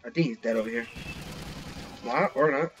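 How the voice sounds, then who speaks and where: A young man giving excited live commentary while playing an online shooter, talking into a headset. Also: mid-range voice, normal speed, background noise. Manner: excitable, reacting loudly to kills. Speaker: gaming channel host. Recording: slightly dull lo-fi recording.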